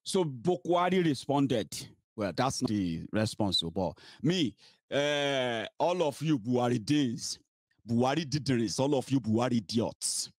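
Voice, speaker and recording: A man's voice: medium pitch, animated, measured pace, dry recording. A man with a Nigerian accent delivers heated political commentary in a mocking, scolding tone. He slips into pidgin and Yoruba as he talks. The recording is dry and close, with almost no room sound.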